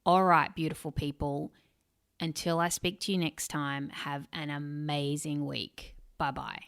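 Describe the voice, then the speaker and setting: A woman's voice: deep voice, level tone, unhurried, gravelly, fairly bright tone, smooth. A woman hosting an interview podcast and coaching her listeners, speaking in an effusive, encouraging way.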